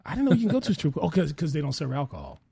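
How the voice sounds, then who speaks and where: Male radio co-host, raspy slightly high voice, loose crude banter, slight slur, dry studio sound. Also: wildly swooping pitch, rapid-fire, warm tone, dry recording. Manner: rambling, laughs often, stumbles over words. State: slurring from a bitten tongue.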